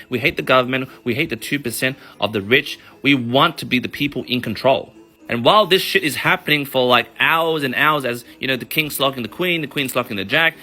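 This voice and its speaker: A man with an Australian accent, a mortgage broker telling an animated, swear-laced explainer story with sound effects. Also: mid-range voice. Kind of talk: casual explainer monologue.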